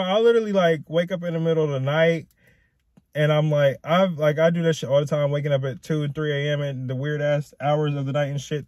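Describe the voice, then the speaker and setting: A man's voice: medium pitch, darkish tone, dry recording, studio quality. Young man in a raw, profane rant. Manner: raw and profane, rambling in circles. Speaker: vlogger. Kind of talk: emotional personal rant to camera.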